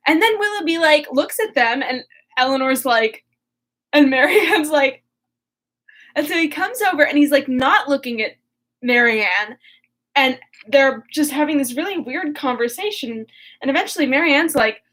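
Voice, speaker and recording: A young woman casually recapping a classic novel in a chatty, animated way, then reading it aloud. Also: sits high, moderate pace, poor audio. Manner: chatty, animated retelling with lots of "like". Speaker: reader and recap vlogger. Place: room lit by a window, recording alone.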